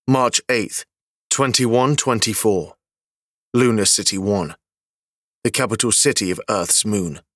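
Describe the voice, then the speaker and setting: Low-voiced man narrating a story. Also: fairly bright tone, dry recording, clean studio sound. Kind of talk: scripted audiobook narration.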